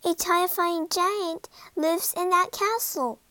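A woman voicing a small, gentle female fairy who gives solemn warnings in a storybook. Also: high-pitched, a little slow, no echo, voice pushed up. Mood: grave. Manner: warning, sighing softly.

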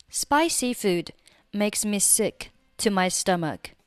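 A woman teaching English phrases in a slow scripted lesson, reading each line twice with careful diction. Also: medium pitch, no echo, clean studio sound. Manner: reads phrases twice, slowly and clearly.

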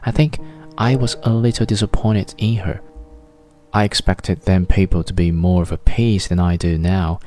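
A man reads a classic novel in a steady, measured narration. His voice sits very low, and a faint bed of music plays quietly beneath him. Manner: measured, literary storytelling. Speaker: audiobook narrator. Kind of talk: scripted narration.

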